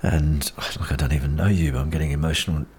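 Faint wind blows in the background as a middle-aged man with a New Zealand accent talks outdoors, giving an encouraging, earnest personal monologue for his podcast. He talks fast in a rumbling low voice that is steady in tone and a little mellow.

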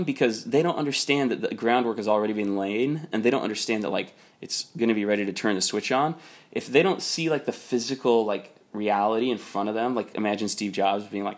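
A man's voice: fairly low pitch, fairly quick. A man casually telling a long personal story about his boss, rambling with many fillers. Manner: rambling, many "like" fillers, quotes people in raised voice. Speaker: storyteller recounting a work conflict.

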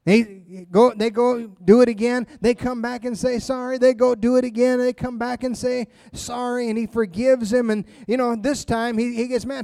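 A man's voice: very high voice, flat delivery, normal speed, hardly any pauses, mellow, clear, resonant tone, dry recording, clean studio sound. A man giving a sermon as a pastor, speaking in an emphatic, conversational way and often repeating phrases.

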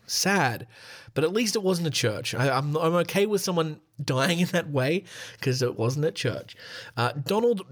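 Animated and a little high in pitch, this man keeps a measured pace while hosting a casual solo podcast. He reads a list aloud but keeps laughing at himself and breaking off to make irreverent jokes.

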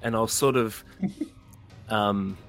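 A man's voice: lowish voice, fairly even intonation, takes it slowly, a bit bright, faint music behind. A man playing a tabletop game, describing his character's moves in a hesitant way, with many fillers. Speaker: player.

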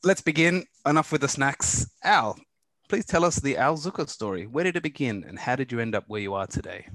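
A man hosting a professional podcast, with measured, formal presenter delivery. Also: medium pitch, lively intonation, a bit bright. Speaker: podcast host, corporate lawyer. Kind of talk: scripted podcast introduction.

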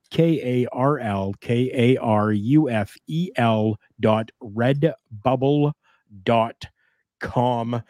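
A man's voice: mid-range voice, no echo, studio quality. A man hosting a wrestling talk podcast, chatting casually with his co-hosts and reading out plugs for merchandise and partners. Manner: friendly, plugs sponsors in a steady promo read. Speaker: podcast host. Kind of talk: casual chat.

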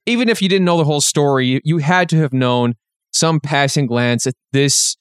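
A man's voice: fairly high pitch, normal speed, smooth, dry recording, studio quality. A man co-hosting a podcast, talking in a sardonic, rambling way with lots of fillers. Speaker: podcast co-host. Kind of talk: casual podcast chat.

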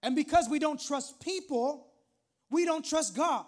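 A man's voice: extremely high pitch, unhurried. A male pastor preaching a sermon in a conversational way, with frequent asides to the congregation.

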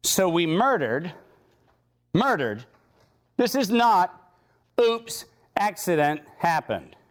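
A man giving an impassioned lecture with slides, sarcastic and emphatic, building to outraged points. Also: high-pitched. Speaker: speaker giving a talk.

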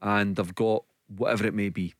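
A male football pundit speaks on a studio radio show. His voice is on the low side and close-miked and dry. He talks in measured terms and often repeats words as he goes. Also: steady tone, no room sound. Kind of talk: casual radio sports chat.

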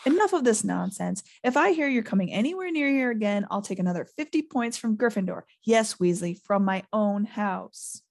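A woman's voice: medium pitch, animated, moderate pace, creaky, few pauses, a little mellow, no echo, clean studio sound. A woman reading the part of a stern older female teacher, scolding.

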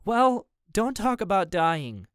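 A man's voice: a little high, fast, fairly bright tone, clear, resonant tone, no room sound, studio quality, close to an everyday voice. A man voicing an anxious, outspoken teenage girl who scolds out of panic, in an audiobook. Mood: anxious scolding. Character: anxious blunt teenage girl, younger sister.

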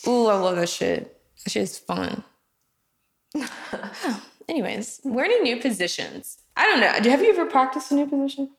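A woman in casual, explicit chat, talking in an animated way, swearing and laughing often. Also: on the high side, moderate pace. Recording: echoey room.

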